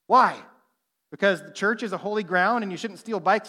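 A young man preaching a sermon, telling stories with lively acted-out quotes and dropping to a hush for emphasis. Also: high voice, a little fast. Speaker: pastor.

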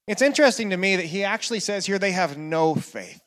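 A man preaching a sermon, dropping to hushed repeated phrases and building to emphatic questions. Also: high voice. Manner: slow, with dramatic hushed repetitions and rising emphasis. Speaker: pastor.

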